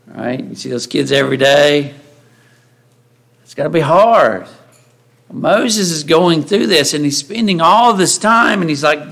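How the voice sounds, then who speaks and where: Guy giving a sermon, kinda high voice, chatty, keeps asking the crowd "right?". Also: moderate pace, vocal fry, fairly bright tone. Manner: conversational, asks the congregation rhetorical questions. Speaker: preacher.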